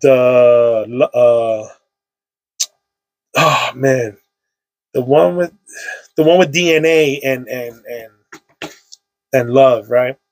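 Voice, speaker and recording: Gravelly man telling a loose story. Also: mid-range voice, drawn-out words, long pauses, no echo. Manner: loose, emotional storytelling with slang and fillers. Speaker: podcast guest. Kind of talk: casual conversation. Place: indoor recording room.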